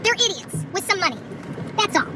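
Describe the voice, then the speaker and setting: A woman with a very high, piercing voice rants angrily from inside her car, taunting and cursing as she films. She sounds set back from a phone mic, with loud traffic rumbling behind her. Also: big pitch swings, a little fast, far from the mic. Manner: angry, taunting, heavy cursing. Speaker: vlogger. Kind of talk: confrontational live commentary. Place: in a car outdoors.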